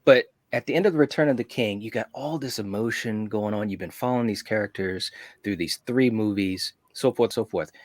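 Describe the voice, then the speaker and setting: A man's voice: lowish voice, fairly quick, few pauses, no room sound, studio quality. A man hosting a casual panel chat about movies, enthusiastic and reflective, often adding "man". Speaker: host.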